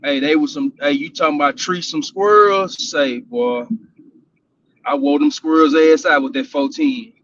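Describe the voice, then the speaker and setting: A man's voice: a little high, animated, moderate pace, a bit bright, muffled recording. A man from Houston, Texas, telling laid-back hunting stories in casual chat and laughing often.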